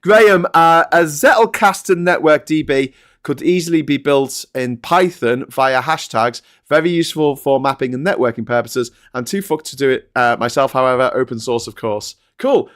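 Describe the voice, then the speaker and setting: A man's voice: mid-range voice, moderate pace, a bit bright. A man with a Liverpool Scouse accent hosting a casual show, chatty and jokey, swearing freely. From Liverpool, England. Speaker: host. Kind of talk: casual chat.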